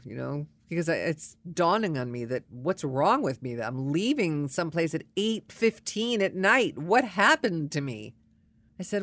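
Woman storyteller, lowish voice, wry and fed-up, dry close mic. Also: animated, normal speed, no room sound. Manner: wry, exasperated, conversational. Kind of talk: casual personal storytelling.

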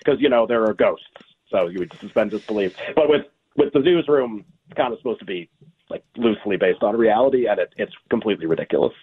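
A man talks casually and rambles, piling on fillers and restarting his sentences. His voice is husky and comes through a narrow, tinny phone line. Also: fairly low pitch, lively intonation, fast. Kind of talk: casual chat.

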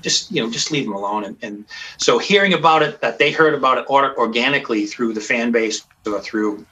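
Guest musician, male, bright voice, rambling and chatty, faint noise behind. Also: medium pitch, fairly quick, muffled recording. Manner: rambling storyteller with many restarts. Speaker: band founder guest. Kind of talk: casual podcast chat.

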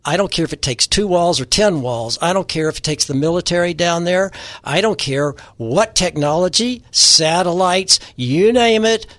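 A man speaking as a political candidate guest, making forceful, repetitive campaign-style declarations in an interview. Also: sits high, moderate pace, no room sound.

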